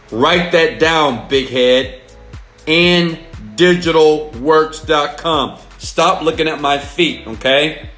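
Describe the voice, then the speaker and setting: A man hosting a screen-share tutorial on making money online, hyped and playful, repeating points slowly for emphasis. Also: fairly high pitch, fairly bright tone, echoey room. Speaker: online marketing vlogger.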